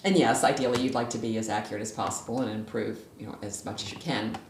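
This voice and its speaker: A woman with a very deep voice talks through a relaxed interview, telling stories and often restarting her sentences. She sits back from the mic in an echoey room with a faint hiss. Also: fast, far from the mic. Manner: chatty, storytelling, frequent restarts. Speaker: interview guest, former judge. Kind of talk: casual conversational interview. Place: library room.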